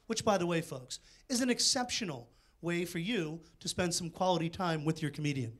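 A man from doing a brash, fast-talking stand-up comedy set on a TV studio stage. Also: on the high side, expressive, fairly bright tone. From Boston, USA. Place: TV studio stage with live audience.

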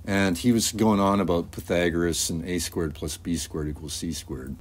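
A man, an animator, casually talking through his storyboard in a relaxed, rambling way with many fillers. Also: low-pitched, moderate pace. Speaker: animator and artist.

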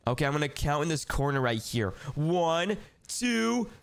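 A young adult gaming host giving excited, dramatic play-by-play with role-play, talking straight to the viewers. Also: medium pitch, normal speed, gravelly.

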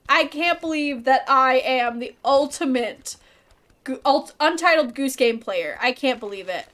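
A woman's voice: high voice, fairly bright tone. A woman streaming a video game, chatting playfully with viewers in a bubbly, casual way with some swearing. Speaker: gaming streamer. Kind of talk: let's play commentary.

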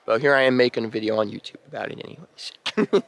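A young man casually telling a personal story to the camera, lively and imitating sounds. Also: mid-range voice, fairly quick, gravelly. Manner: animated, imitates beeping sounds. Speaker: vlogger.

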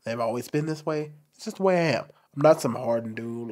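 Expressive man with a light, lively voice. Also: fairly high pitch, brisk, few pauses. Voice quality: light, soft voice he calls feminine. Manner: expressive, talks with his hands, candid and forward. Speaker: commentary channel host. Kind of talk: personal monologue to camera.

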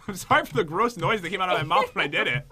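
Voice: mid-range voice, big pitch swings, fast talker. A gaming channel host chatting and joking through casual gameplay commentary, addressing viewers.

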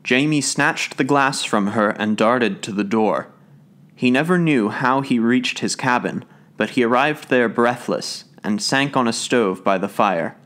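A man reads old folk tales aloud as an audiobook narrator, at a measured and steady pace. His voice sits at an ordinary male pitch and keeps an even, unhurried storytelling flow.

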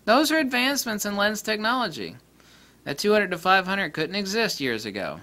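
A man with a bright, forceful, somewhat high voice rants bluntly about camera lenses. He is profane and mocking, swinging from low grumbles up to loud, high-pitched outbursts. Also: big pitch swings, moderate pace. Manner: dramatic swings in pitch and loudness. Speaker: camera lens reviewer. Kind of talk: casual opinionated rant.

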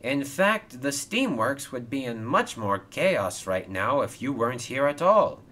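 A man's voice: medium pitch, very animated, a little slow, fairly bright tone, pitched above the performer's own voice. A man voicing a stern, hardworking male crane boss in a toy train storybook video, firm and exasperated. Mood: calm.

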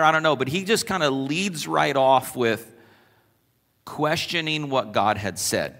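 Pastor guy giving a sermon, bright forceful voice, long church echo, chatty storyteller. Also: on the high side, measured pace. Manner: animated storyteller, conversational. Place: large church sanctuary.

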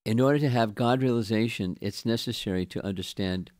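Low-voiced man giving a halting scripture talk. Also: darkish tone, dry recording, clean studio sound. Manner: halting, with frequent restarts and repeated words. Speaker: spiritual teacher. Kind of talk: scripture lecture.

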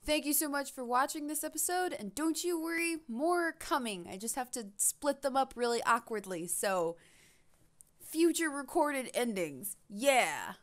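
A woman gaming YouTuber giving chatty, excitable let's play commentary, reading game text and reacting aloud. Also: high-pitched, measured pace. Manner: chatty, excitable, laughs often.

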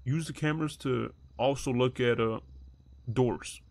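A young man streaming a heist roleplay, rambling and swearing as he thinks the plan out loud. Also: medium pitch, measured pace, vocal fry, very noisy. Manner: rambling, profane, thinks aloud while planning. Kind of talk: casual gaming chat.

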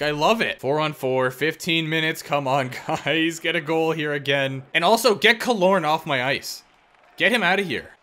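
A young man commentating his own hockey video game play, excitable and self-deprecating, yelling at big plays. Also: fairly high pitch, moderate pace. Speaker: gaming YouTuber. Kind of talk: live gameplay commentary.

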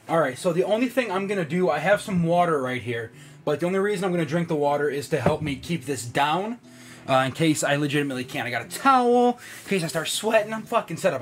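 A man talking casually to his camera as a vlogger, loose and profane, poking fun at himself. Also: fairly high pitch. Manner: casual, profane, self-mocking. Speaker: YouTuber.

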